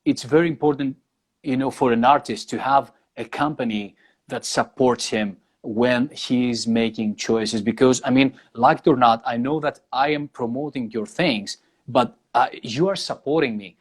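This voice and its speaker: Over a video call or live stream, a Greek man with a Greek accent speaks English at mid pitch and moderate pace, his voice a bit breathy. He's a guest guitarist in a casual interview, earnest and grateful, frequently restarting his sentences.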